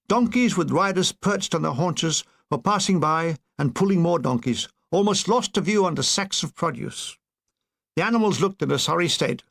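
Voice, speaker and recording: Man, audiobook memoir reading, deadpan humor, high gravelly voice, lively intonation. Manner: deadpan, playful punning delivery. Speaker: narrator. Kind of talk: reading a comic war memoir aloud.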